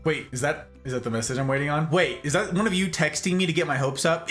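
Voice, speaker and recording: A man's voice: on the high side, fast talker, few pauses, soft background music. A man hosting a casual livestream, chatting with viewers in a jokey, exclamatory way. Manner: animated, jokey, exclaims and laughs often. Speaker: livestream host. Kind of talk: casual chat with live viewers.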